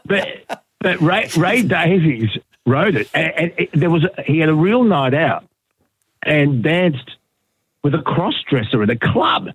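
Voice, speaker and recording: A middle-aged Australian radio broadcaster and podcaster, appearing as a guest, chats casually over a dry, tinny phone line. His husky voice is a little high, very animated and slightly slow, and his stories are packed with fillers and restarts.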